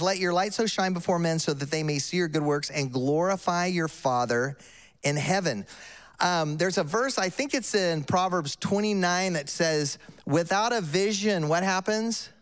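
Older male preacher, slightly raised pitch, casual storytelling sermon style with emphatic asides. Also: a bit bright.

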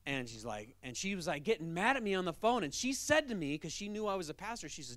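A pastor preaching a sermon with a fairly high man's voice. His delivery is animated and conversational, and he drives points home with emphasis. The recording is dry and close. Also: fast talker, few pauses, no room sound.

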